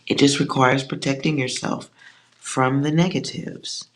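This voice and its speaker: Tarot reader, unhurried, blunt and joking, slangy, whispered asides, middle pitch. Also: steady tone. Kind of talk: casual collective tarot reading.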